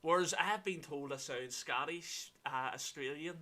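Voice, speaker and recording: A Northern Irish man hosting a gaming livestream, chatting in a lively way and greeting viewers while he plays. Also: fairly high pitch, measured pace. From Northern Ireland. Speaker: streamer host. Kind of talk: casual chat on a gaming livestream.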